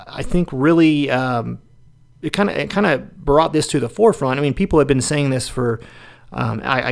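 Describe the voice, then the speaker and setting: A man's voice: mid-range voice, vocal fry. A man co-hosting a political podcast, giving casual opinionated commentary with many ums and restarts. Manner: opinionated, dismissive. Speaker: podcast co-host.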